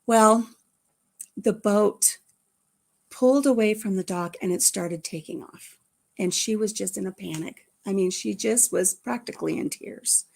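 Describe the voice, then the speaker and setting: A middle-aged woman hosting a casual chat, telling a family story in an animated way and acting out the voices. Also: medium pitch, creaky. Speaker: host.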